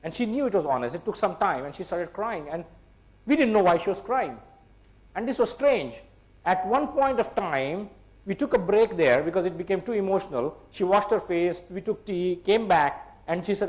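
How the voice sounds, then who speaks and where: A middle-aged man with an Indian English accent tells a story to a workshop group, acting out what others said. His voice sits a little high for a man. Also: normal speed, poor audio. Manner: animated retelling, voicing others' quotes. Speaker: workshop trainer. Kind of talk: storytelling to an audience.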